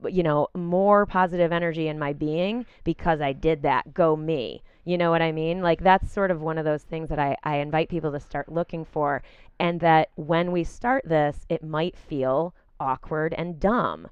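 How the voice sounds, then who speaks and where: A woman's voice: deep voice, normal speed, clear, resonant tone, no room sound, highs cut off. A woman co-hosting a casual podcast, chatty, laughing often and full of "you know" and "like" fillers. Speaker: podcast co-host.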